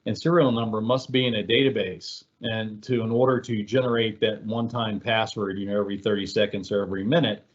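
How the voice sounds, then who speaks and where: A man's voice: on the low side, steady tone, a little fast, hardly any pauses, muffled recording. A man giving a webinar presentation in a casual, conversational way, telling examples with many fillers. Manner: conversational, filler-heavy, storytelling.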